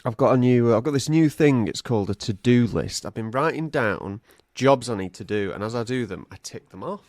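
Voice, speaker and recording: A man's voice: mid-range voice, lively intonation, fairly quick, a little mellow, no echo, studio quality. A man co-hosting a podcast in casual, self-mocking chat, laughing often. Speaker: podcast co-host.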